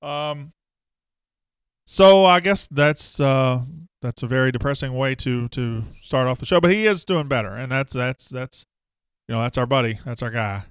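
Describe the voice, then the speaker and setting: A man hosts a loose, rambling sports talk stream, greeting viewers and joking at his own expense. His voice is smooth and resonant, recorded dry and close. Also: medium pitch, lively intonation, moderate pace, no room sound. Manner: rambling, self-deprecating, reads viewer comments aloud. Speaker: sports show host.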